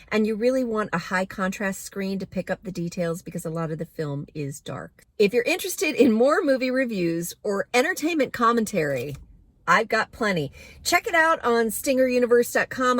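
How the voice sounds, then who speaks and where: Woman, casual movie reviewer, candid and chatty, medium pitch, dry close sound. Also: no room sound. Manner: chatty and candid, with frequent fillers.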